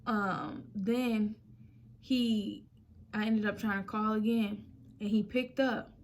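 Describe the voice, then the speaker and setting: A woman's voice: medium pitch, steady tone, slow. A young woman vlogger chatting casually, retelling a personal story and acting out quotes.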